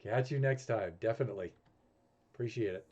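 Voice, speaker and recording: A man's voice: lowish voice, brisk, a little mellow, highs cut off. A man with a New England accent chatting casually while streaming a game, thinking aloud and poking fun at himself. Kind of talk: casual gameplay commentary. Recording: music playing behind.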